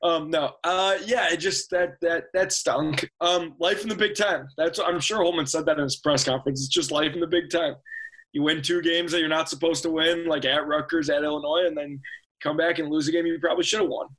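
A man's voice: a little high, fairly even intonation, fairly quick, a bit bright. A man talking casually as a podcast co-host, rambling with lots of fillers and restarts. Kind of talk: casual sports chat.

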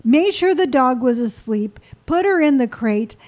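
Playful middle-aged mom, high voice. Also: female voice, expressive, a little slow, darkish tone. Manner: playful, laughs often. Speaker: mother on a family podcast. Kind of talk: casual family chat.

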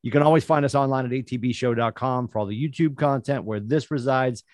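A man's voice: mid-range voice, fast, darkish tone, no room sound, clean studio sound. A man hosting a casual sports podcast, upbeat as he wraps up the show with plugs. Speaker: podcast host.

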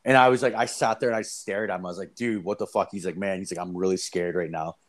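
A man's voice: fairly low pitch, fast. Profane young man telling a wild story. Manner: rambling, profane, animated retelling with quoted voices. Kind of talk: casual storytelling chat.

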